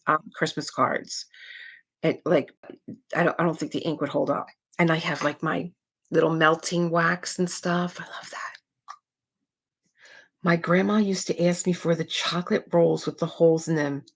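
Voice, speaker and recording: A woman's voice: deep voice, normal speed, fairly bright tone, husky. A middle-aged woman hosting a live craft stream, chatting casually and rambling with her viewers. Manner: rambling, chatty, trails off and restarts. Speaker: diamond painting livestream host.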